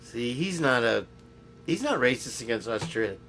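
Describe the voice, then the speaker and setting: A man's voice: medium pitch, big pitch swings, moderate pace, fairly bright tone, a little hiss or hum. A man hosting a casual podcast, rambling through stories and jokes and laughing often. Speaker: host.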